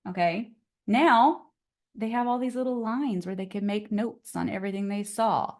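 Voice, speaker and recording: A chatty, upbeat woman leads a casual online class on real estate and laughs often as she walks through the steps. Her voice sits at a middle pitch and comes over a computer mic on a video call. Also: normal speed, darkish tone.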